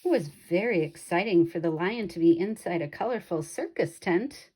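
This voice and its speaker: A woman reading a children's picture book aloud in a slow, expressive way. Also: lowish voice, husky. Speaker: storybook reader.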